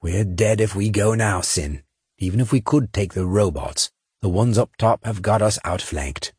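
A gruff marine sergeant gives terse orders to his squad, read by a male narrator. The voice stays low and husky, only a bit raised from the reader's own, with a dry close sound. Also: normal speed, a little mellow, no echo. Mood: commanding. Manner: commanding, terse.

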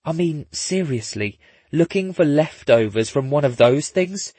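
Husky male narrator with wry asides. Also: on the high side, expressive, unhurried, a little mellow, no echo. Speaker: audiobook narrator. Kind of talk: scripted narration.

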